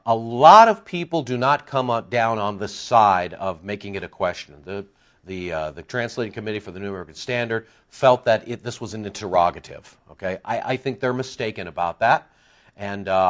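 A man preaching a verse-by-verse Bible teaching sermon, moving between emphatic bursts and low, confiding explanation. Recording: dull lo-fi recording.

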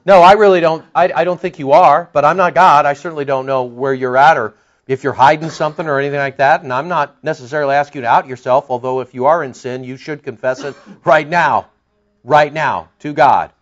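A pastor with a slightly high voice, speaking a little fast, preaches an expository Bible-teaching sermon in a conversational, wry style. He adds sarcastic asides and emphatic bursts, and the sound is dull and lo-fi.

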